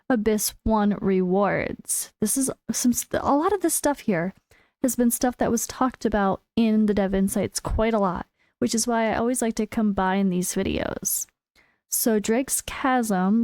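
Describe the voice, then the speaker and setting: A woman hosting a gaming channel, reading patch notes and breaking off into excited reactions, her voice going hoarse. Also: dry recording, clean studio sound. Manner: excitable, bursts into high exclamations.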